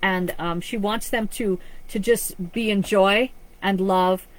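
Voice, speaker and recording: A woman's voice: medium pitch, steady tone, takes it slowly, poor audio. A woman psychic medium giving a live-streamed reading, talking in an earnest, rambling way with frequent restarts. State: choked up with emotion.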